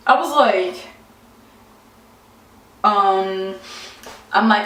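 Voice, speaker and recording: A young woman tells a story casually to her camera, animated and exasperated, acting out what people said. Her voice sits at a middle pitch. The room is very echoey and the mic is well away from her. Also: measured pace, long pauses, recorded from a distance. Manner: animated, exasperated, acts out quotes. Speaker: vlogger.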